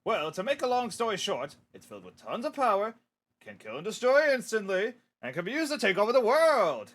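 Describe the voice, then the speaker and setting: A man voicing a proud, boastful male museum manager in a storybook reading, with showy, drawn-out proclamations. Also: high voice, big pitch swings, fairly bright tone, exaggerated voice.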